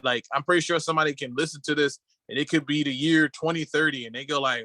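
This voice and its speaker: A man co-hosting a podcast over a video call, casual chat full of crude deadpan jokes. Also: a little high, quick pace, no room sound. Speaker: podcast co-host.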